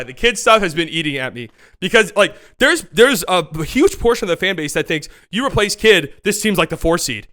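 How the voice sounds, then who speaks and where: Male host, casual sports rant, fairly high and bright, emphatic and profane. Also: lively intonation, brisk, few pauses. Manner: emphatic, exasperated and profane, rambling with restarts.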